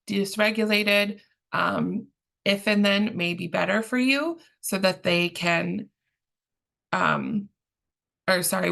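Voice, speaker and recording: Calm woman trainer with vocal fry. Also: medium pitch. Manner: calm, measured, explanatory with frequent ums. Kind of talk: training presentation.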